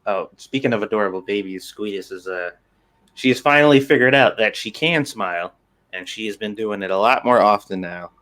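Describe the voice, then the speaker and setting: A man with a somewhat low voice chats on a casual podcast. He tells his story haltingly, with plenty of fillers. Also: a bit bright. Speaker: podcast panelist.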